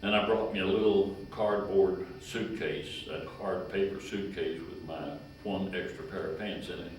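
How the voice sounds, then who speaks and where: A man's voice: sits low, fairly even intonation, slight background noise. A man, a retired county agent telling long, folksy stories with a chuckle. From Kentucky. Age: 90s. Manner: slow, folksy, chuckling storyteller. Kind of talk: rambling personal storytelling. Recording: echoey room, distant mic.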